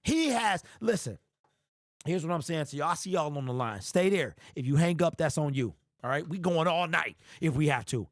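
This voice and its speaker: A man's voice: on the high side, lively intonation, moderate pace, dry recording, clean studio sound. A man from Detroit hosting a fan livestream, ranting with passion and repeating himself. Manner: impassioned, ranting, repetitive. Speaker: fan channel host. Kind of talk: livestream sports rant.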